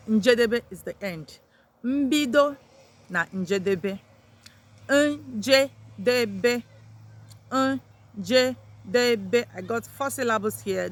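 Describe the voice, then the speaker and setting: A language teacher leads a vocabulary lesson. She introduces each new word with a sharp lift in pitch, says it again, and then explains it.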